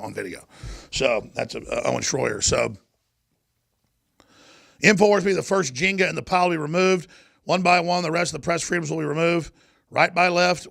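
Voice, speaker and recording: A man with a deeply gravelly, rough-edged voice pushes hard and tense through a heated political rant. His tone sits a little high for a man, and he talks in forceful bursts as a talk show host. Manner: ranting, forceful, with mocking put-on voices in quotes.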